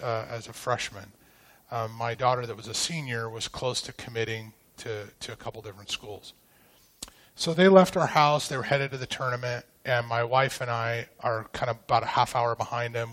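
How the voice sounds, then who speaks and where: A middle-aged pastor recounts a family ordeal in a sermon. He speaks haltingly, restarting sentences as the emotion catches him. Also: medium pitch, a bit bright. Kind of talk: personal testimony in a sermon.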